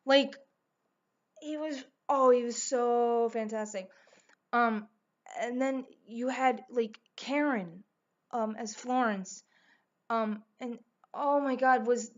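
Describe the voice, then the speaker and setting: A woman's voice: fairly high pitch, highs cut off. A woman chatting in a casual vlog, gushing and rambling with lots of fillers and restarts. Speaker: vlogger.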